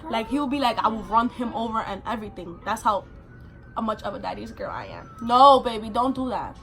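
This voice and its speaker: Young woman rambling thru a storytime, kinda high voice, lots of likes and ums. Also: expressive, a little fast, fairly bright tone, soft background music. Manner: chatty, rambling, full of fillers. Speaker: vlogger. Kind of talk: casual storytime.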